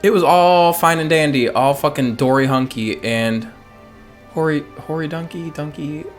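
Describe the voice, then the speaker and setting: A man's voice: a little high, normal speed. A man streaming a video game from his home office, chatting casually in a playful, rambling way with jokey asides. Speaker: let's play streamer. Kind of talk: casual gameplay commentary. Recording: faint game music behind.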